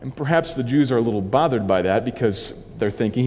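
A man preacher reading a scripture passage aloud and then explaining it as a sermon, in a measured, dramatic voice. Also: medium pitch, lively intonation, darkish tone, long reverb tail.

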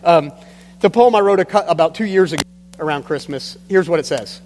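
A man's voice: on the high side, a little fast, darkish tone. A man preaching a sermon as pastor, telling stories in an earnest, emphatic way. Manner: earnest storytelling with emphatic drops. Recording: long hall reverb with faint hum.

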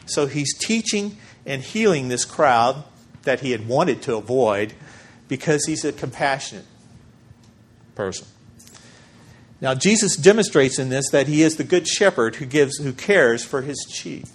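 A man preaching a sermon as pastor, measured and emphatic, with deliberate pauses for weight. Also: medium pitch, animated, husky.

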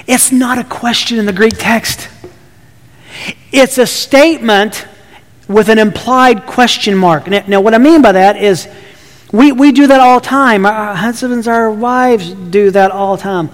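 High-voiced preacher in a reverberant hall. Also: male voice, slow pace. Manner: emphatic preaching with repeated restarts. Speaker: pastor. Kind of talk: sermon.

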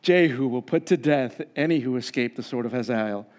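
A pastor preaching a sermon in a conversational, humorous way, acting out the voices of the people in the story. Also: male voice, medium pitch, moderate pace, darkish tone. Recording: long reverb of a large hall.

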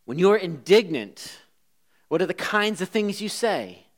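Male pastor, fairly high voice, sermon delivery with big shifts between loud emphasis and quiet asides. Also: big pitch swings, measured pace. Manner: dynamic preaching, swinging between loud emphasis and hushed asides.

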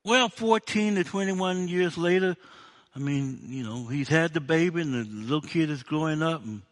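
A man's voice: a little high, expressive, normal speed. A man preaching a sermon in a conversational, humorous way, acting out the dialogue of the story.

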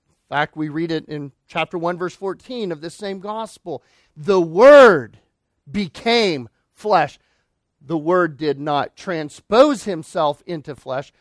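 A man preaching a sermon as pastor, emphatic, swinging between loud declarations and quiet, low lines. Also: measured pace, no echo, clean studio sound.

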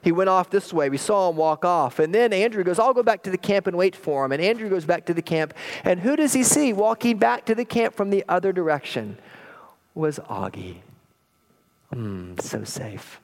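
A middle-aged man preaching a sermon, his voice sitting a little high for a man. He reads scripture slowly and deliberately, then tells a family story in an animated, wry, self-deprecating way. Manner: slow, deliberate scripture reading. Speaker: pastor.

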